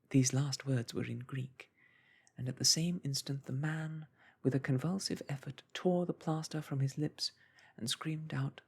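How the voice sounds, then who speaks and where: A man reading a classic story aloud in a hushed, soothing whisper, as a calm storyteller. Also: medium pitch, a little slow, gravelly, breathy edge.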